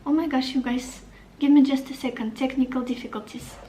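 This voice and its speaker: A woman's voice: sits high, steady tone, fairly quick, dark tone, echoey room, recorded from a distance, a little hiss or hum, poor audio. A woman giving a tarot reading to the camera, upbeat and encouraging, thinking aloud as she turns over cards. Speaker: tarot reader.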